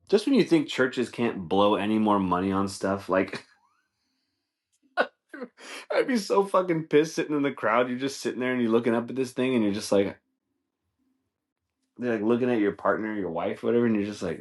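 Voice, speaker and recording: A man's voice: lowish voice, a little slow, pauses often. A man hosting a podcast, rambling through a profane comedic monologue, laughing often and acting out scenes. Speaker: podcast host.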